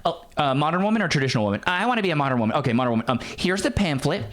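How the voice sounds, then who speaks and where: A man voicing a bored male clerk who hands out rules in a flat, bossy drawl. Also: a little high, racing, pitched below the performer's own voice.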